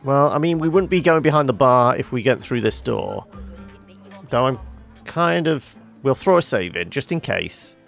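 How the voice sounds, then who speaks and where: A man giving casual gameplay commentary, wry and thinking aloud. His mid-pitched voice carries a gravelly fry, with faint music under him. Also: animated, moderate pace. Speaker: gameplay host.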